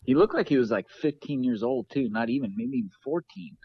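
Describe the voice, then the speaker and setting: A man's voice: mid-range voice, sing-song, brisk, breathy edge, highs cut off. A man who is a guest on a podcast, talking in an easygoing way and often laughing. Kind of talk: casual chat.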